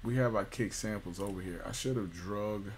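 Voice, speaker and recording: A man giving a casual music software tutorial, loose and jokey, with slang and lots of fillers. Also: fairly low pitch, normal speed, slight background noise. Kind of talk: casual screen-recorded tutorial.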